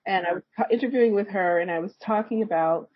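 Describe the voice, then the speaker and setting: A woman's voice: medium pitch, quick pace, no room sound, lo-fi sound. A woman, a therapist and energy healer, telling personal stories as a podcast guest, laughing often and acting out other people's words. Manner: lively storyteller who laughs often and acts out quotes. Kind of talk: storytelling in a podcast interview.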